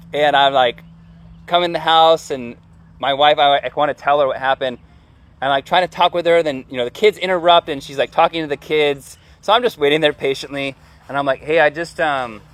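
A man in his thirties telling a story casually, full of fillers and acting out shouted lines. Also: fairly high pitch. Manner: animated, lots of fillers, acts out yelling.

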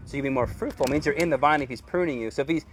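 A man's voice: mid-range voice, racing, slight background noise. A man preaching a sermon as pastor, earnest and conversational, with casual slang.

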